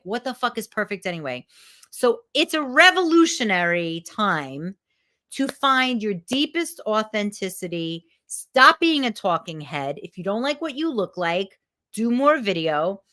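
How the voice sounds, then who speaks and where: Animated, foul-mouthed woman coaching live. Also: medium pitch. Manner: frank, swears freely, animated storytelling. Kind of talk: live video talk to viewers.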